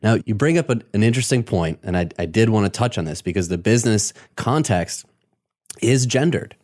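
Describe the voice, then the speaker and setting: A man hosting a podcast, asking a guest questions in a measured, deliberate way. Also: on the low side, lively intonation, darkish tone. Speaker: podcast host. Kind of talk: interview questions.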